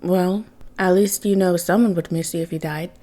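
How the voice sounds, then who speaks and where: A woman voicing a restrained adult male friend who speaks quietly and matter-of-factly. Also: fairly low pitch, fairly even intonation, normal speed, close to an everyday voice.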